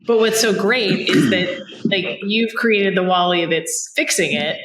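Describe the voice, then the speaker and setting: A woman's voice: medium pitch, measured pace, fairly bright tone. A woman hosting a podcast interview on a farm, enthusiastic and affirming. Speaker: podcast host. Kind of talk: casual interview conversation. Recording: echoey room.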